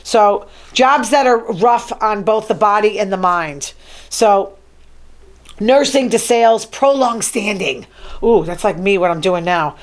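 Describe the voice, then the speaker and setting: A woman's voice: mid-range voice, measured pace. A woman hosting her own talk show, reading news items from her notes and adding chatty, wry asides. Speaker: show host. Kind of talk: casual solo talk show monologue.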